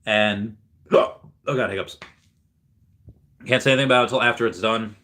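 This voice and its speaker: A young man hosts a relaxed livestream, rambling cheerfully and answering viewer comments as they come in. His voice sits low but sounds bright and forward. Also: moderate pace. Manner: rambling, upbeat, reads viewer comments aloud. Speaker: livestream host reading chat. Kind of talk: casual livestream chat.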